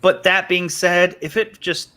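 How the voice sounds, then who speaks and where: A man's voice: sits high, steady tone, measured pace, bright, forceful tone, slight background noise. A man co-hosting a casual live chat, making joking, sarcastic asides. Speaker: podcast co-host.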